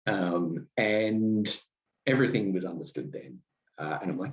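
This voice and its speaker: A man hosting a podcast, telling wry, self-deprecating stories in a halting way with many ums and restarts. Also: sits low, animated, lo-fi sound. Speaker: podcast host. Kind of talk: reflective podcast monologue.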